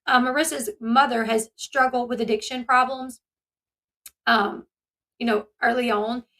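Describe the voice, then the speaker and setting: A woman hosts her own commentary channel, talking in a casual, chatty way. Her voice sits high and sounds bright and forward. She retells events with animation, slipping into the voices of the people she quotes. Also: steady tone, measured pace.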